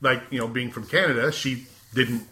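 A man's voice: mid-range voice, fairly even intonation, normal speed, bright, forceful tone. A man chatting casually, filling in background for listeners with many fillers and asides. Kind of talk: casual podcast chat.

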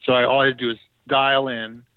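A man, a former TV producer, tells a story in a relaxed, animated way and acts out the dialogue. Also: medium pitch, fast talker, clear, resonant tone, dry recording, narrow, tinny audio. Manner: animated, quotes others in reported dialogue. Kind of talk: casual anecdotal storytelling.

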